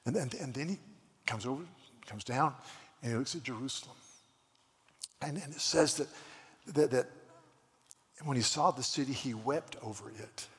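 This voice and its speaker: A man's voice: medium pitch, moderate pace, pauses often. A man preaching a sermon, retelling scripture stories with many stammered restarts and quoted voices. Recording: long hall reverb.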